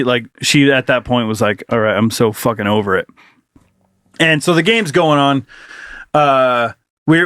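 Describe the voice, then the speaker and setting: A man in his forties telling a story in a casual podcast chat, profane and excitable, breaking into shouted reenactments. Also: medium pitch, no room sound, studio quality. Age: 40s. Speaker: podcast co-host.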